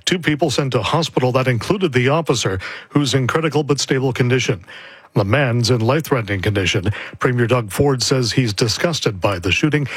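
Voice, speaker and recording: A man anchoring a radio newscast, reading headlines in a steady, measured way. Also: medium pitch, slightly rough, dry recording, low-quality recording. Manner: steady measured news delivery. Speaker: news anchor. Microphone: studio microphone.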